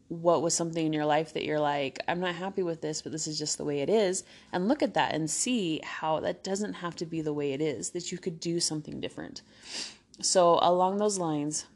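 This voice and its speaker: Bubbly young woman hosting a home podcast. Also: on the low side. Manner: bubbly and chatty, with lively self-quotes. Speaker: podcast host. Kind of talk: casual solo podcast talk. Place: room at home with a child playing nearby.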